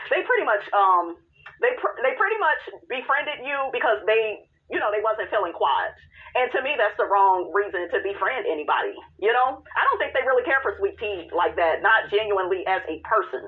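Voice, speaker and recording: A woman's voice: medium pitch, animated, fairly quick. Sassy woman recapping reality TV, phone-line sound. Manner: sassy, blunt, swears freely. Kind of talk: casual commentary.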